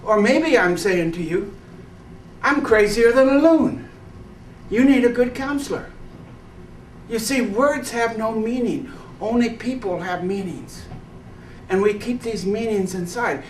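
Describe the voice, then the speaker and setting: A man leading a workshop, lecturing a live audience and firing rhetorical questions at them. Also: high-pitched. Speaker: workshop leader. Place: indoor workshop room. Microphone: far camera mic, no personal mic. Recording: echoey room from far off with faint noise.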